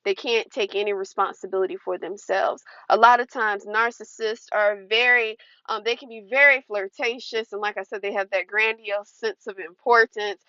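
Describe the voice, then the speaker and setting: A woman's voice: medium pitch, fairly even intonation, moderate pace, few pauses, bright, forceful tone, dry recording. A woman talks earnestly to camera in a casual advice vlog, warning her viewers. Her voice sits in a middle range and is recorded dry and close, with a dull, lo-fi sound. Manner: earnest, warning, acts out quoted lines. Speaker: advice vlogger.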